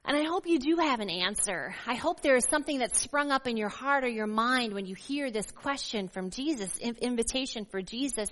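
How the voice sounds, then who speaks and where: A woman pastor preaching a sermon and reading scripture aloud in a measured, emphatic way, slowing down to stress key words. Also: fairly high pitch, fairly bright tone. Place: church sanctuary. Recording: long reverb of a church hall.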